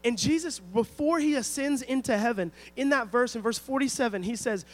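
High-voiced, emphatic male preacher. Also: brisk, low-quality recording. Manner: emphatic, rhetorical questions to the congregation. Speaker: pastor. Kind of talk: sermon.

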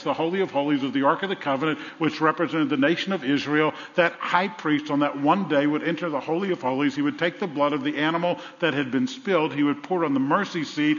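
A man's voice: fairly high pitch, fairly bright tone. A man preaching a sermon, dramatic and humorous, acting out the lines of people in the story. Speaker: pastor. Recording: dull sound with long hall reverb.

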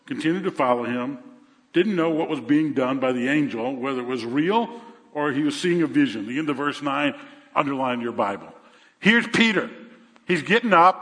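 An older man preaching a sermon, telling a Bible story with animated energy and acting out the voices. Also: a little high, fairly quick. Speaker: pastor. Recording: echoey hall.

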